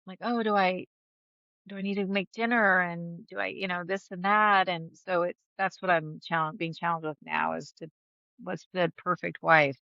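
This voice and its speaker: A woman's voice: on the low side, fairly even intonation, normal speed, gravelly, no room sound, muffled recording. A woman guest talking openly in an interview, chatty, laughing often and restarting her sentences. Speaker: podcast guest. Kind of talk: candid conversational interview.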